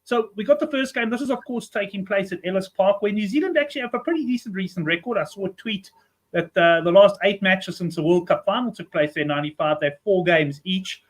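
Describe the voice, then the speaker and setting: A man hosting a rugby betting show, talking in a relaxed conversational way. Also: sits high, quick pace. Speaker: show host.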